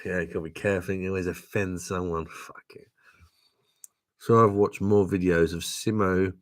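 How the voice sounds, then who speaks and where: Hosting a tipsy, casual drinking livestream, a man reads viewer comments in a deep voice with fairly even intonation and a slightly fast pace. He laughs often, swears, and calls everyone "mate."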